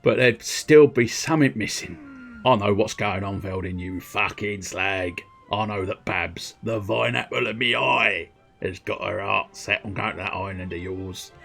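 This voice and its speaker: A man voicing a soft-spoken male bartender father, low and gentle. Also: a little slow, creaky.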